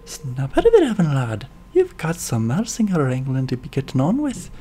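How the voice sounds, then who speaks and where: A woman's voice: low voice, wildly swooping pitch, moderate pace, warm tone, a little hiss or hum. A woman voicing a brusque, bossy little spirit companion in a video game.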